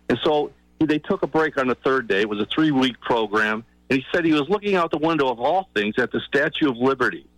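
A man calling in to a radio show, his coming through as he tells a story in an emotional, halting way, often restarting his sentences. His pitch sits mid-range, and the sound is dry and close. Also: a bit bright, dry recording, low-quality recording. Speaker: caller. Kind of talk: call-in radio talk.

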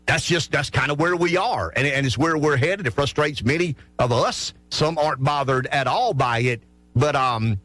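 A man, hosting a talk radio show and making his point with animated restarts and repeated words. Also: fairly high pitch, dry recording. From South Carolina. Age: 60s.

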